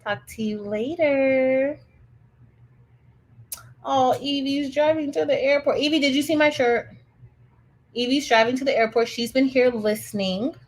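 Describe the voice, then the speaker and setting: A woman's voice: sits high, fairly even intonation, normal speed, rough recording. Chatty woman hosting a craft livestream. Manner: chatty, enthusiastic, many fillers and restarts, addresses viewers as y'all. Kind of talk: casual livestream chat.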